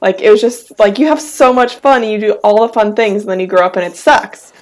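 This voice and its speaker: A woman's voice: medium pitch, a little fast. A young woman co-hosting a casual podcast, rambling and hesitant with lots of fillers. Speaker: podcast co-host. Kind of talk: casual group chat.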